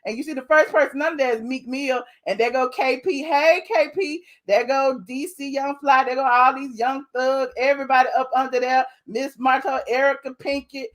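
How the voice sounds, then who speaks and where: A woman hosting a live commentary stream, talking in an animated, sassy way and calling her viewers "honey.". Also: high voice, normal speed, hardly any pauses. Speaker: show host.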